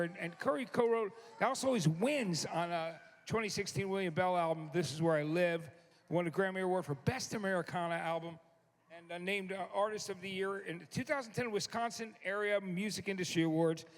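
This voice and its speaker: High-voiced, eager male host in a reverberant hall. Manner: halting, filler-heavy, eager. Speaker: show host. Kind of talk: introducing a guest on stage. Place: live concert stage.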